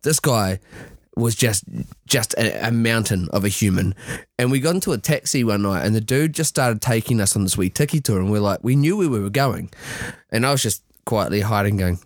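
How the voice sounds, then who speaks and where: Lively New Zealand man telling stories. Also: mid-range voice, moderate pace, no room sound, clean studio sound. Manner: lively storyteller, swears freely. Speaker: podcast co-host. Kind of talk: casual chat over beers.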